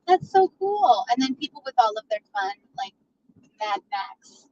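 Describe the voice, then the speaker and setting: Very high, lively woman at the wheel, distant from the mic, dull lo-fi car recording with faint road hum. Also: measured pace. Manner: encouraging listener, short responses. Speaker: driver and livestream host. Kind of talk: casual chat while driving. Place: inside a moving car, driving.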